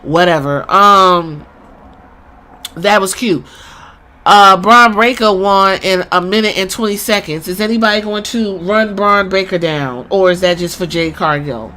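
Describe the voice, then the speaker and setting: A woman hosting a podcast, retelling wrestling events in an animated, profane, storytelling way. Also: medium pitch, measured pace. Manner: animated storytelling with acted-out quotes and cursing. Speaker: podcast host. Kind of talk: casual wrestling recap.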